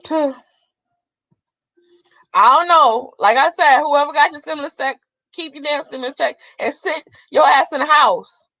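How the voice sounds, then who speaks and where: A woman's voice: sits high, normal speed, pauses often, pushed and bright, no room sound, lo-fi sound. A young adult woman vlogger in a blunt, profane, fiery casual rant to her viewers. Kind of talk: casual ranting monologue.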